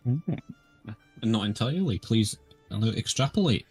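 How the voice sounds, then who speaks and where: A man's voice: lowish voice, expressive, a little slow, darkish tone, slightly rough, faint music behind. A man voicing a tiny, meek male squirrel-like creature with a Scottish accent, polite and prone to stammering. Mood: flustered polite. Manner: hesitant, stammering, politely formal.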